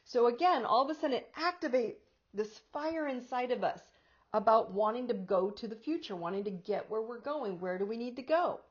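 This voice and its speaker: Animated woman coach, slightly muffled sound. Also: fairly high pitch. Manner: animated, quick to act out inner voices, laughs often. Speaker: life coach. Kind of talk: casual spiritual talk to camera.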